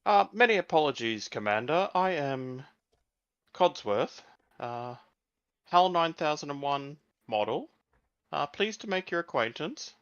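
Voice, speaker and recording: A man's voice: a little high, very animated, a little slow, fairly bright tone, smooth, highs cut off, full character voice. A man voicing an overly polite male robot butler with a fussy, formal manner. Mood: courteous.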